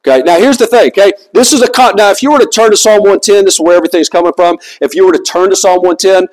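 A man's voice: high-pitched, fast talker, a little mellow, rough recording. A man preaching a sermon in a conversational, emphatic way, asking his listeners rhetorical questions. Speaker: pastor.

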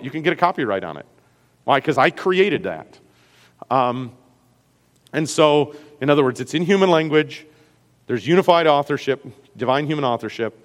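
A man with a Great Lakes American accent teaches a class on Scripture, his voice sitting a touch higher than most men's. He talks conversationally, stopping to ask whether his listeners follow. A long reverb trails his words, as in a large room. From US Great Lakes region. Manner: conversational, checks in with listeners often.

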